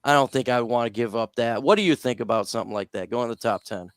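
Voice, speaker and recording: A man's voice: medium pitch, fast, no echo, studio quality. A man hosting a casual sports talk livestream, upbeat, plugging his radio spot between takes. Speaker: host.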